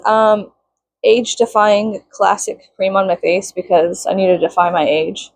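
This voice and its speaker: A woman's voice: medium pitch, fairly even intonation, unhurried, dry recording. A young woman vlogging casually, venting with lots of swearing and bursts of mock-outraged shrieking.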